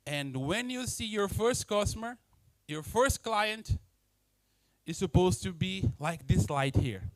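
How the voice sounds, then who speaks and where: Male preacher, high voice, dry close sound, animated sermon. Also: slow, no room sound, rough recording. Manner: animated, acts out everyday scenes, non-native English grammar. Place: church.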